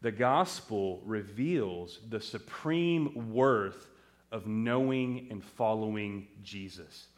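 A man's voice: fairly low pitch, slow. A male pastor preaching a sermon, telling stories and calling out questions to his congregation. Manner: animated storytelling, calls to the congregation.

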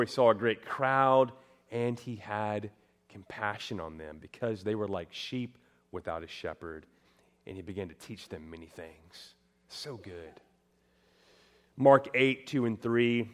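A male pastor preaching a sermon, moving between loud emphatic cries and hushed tender moments, peppering the congregation with rhetorical questions. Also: fairly low pitch.

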